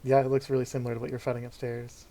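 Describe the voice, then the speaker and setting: A man's voice: mid-range voice, monotone, very fast, warm tone. A man running a tabletop game as game master, giving brief matter-of-fact rulings.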